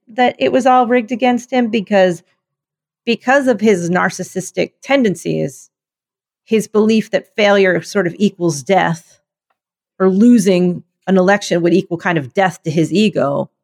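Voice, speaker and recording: A woman talking politics in a relaxed conversation, her voice mid-pitched. Her humor is dry and deadpan, and her thoughts ramble on with hesitations. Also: measured pace. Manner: wry, deadpan sarcasm, rambling. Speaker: podcast co-host. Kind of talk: casual political chat.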